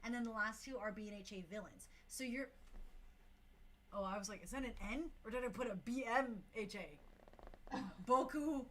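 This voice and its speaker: A woman's voice: medium pitch, moderate pace, pauses often, fairly bright tone. A young woman hosting a casual talk show for a dance crew. She talks in an enthusiastic, chatty way, full of slang and fillers.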